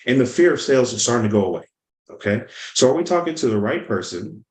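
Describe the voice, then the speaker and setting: A man giving an energetic sales lesson, telling stories and acting out the people in them. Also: medium pitch, quick pace, echoey room, rough recording. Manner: energetic, storytelling, acts out quotes. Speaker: sales coach. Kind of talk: motivational teaching talk.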